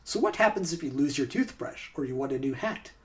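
Hosting a podcast quiz game, a man with a mid-range voice and lively intonation briskly reads out trivia facts. Then he chats casually about the answers.

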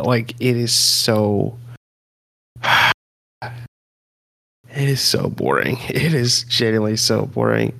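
A man's voice: lowish voice, creaky, fairly bright tone. A man co-hosting a podcast, chatting casually in a laid-back way, laughing easily. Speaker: podcast co-host. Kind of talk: casual chat.

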